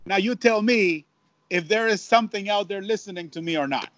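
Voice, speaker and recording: A man with a notably high voice tells a story in an animated way, repeating words and mixing in Spanish. The sound is dry and somewhat dull. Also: fairly quick, no echo. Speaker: baseball broadcaster, guest. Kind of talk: storytelling in an interview. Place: at home.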